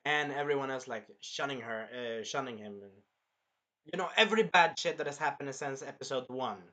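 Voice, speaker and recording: A man co-hosting a casual review chat, excitable and breaking into shouted impressions of scenes. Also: medium pitch, normal speed. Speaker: anime review co-host.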